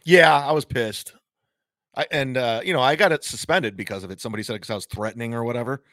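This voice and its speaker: Rambling comedian talking with frequent restarts. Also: male voice, medium pitch, fast talker, a bit bright, no echo, studio quality. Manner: rambling, self-interrupting with many restarts. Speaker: comedian guest. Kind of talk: casual live-stream conversation.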